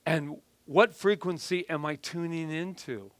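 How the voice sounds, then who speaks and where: A man's voice: a little high, measured pace, no room sound. A middle-aged man preaching a casual, conversational sermon, telling personal stories in a chatty, self-deprecating way with frequent restarts. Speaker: minister.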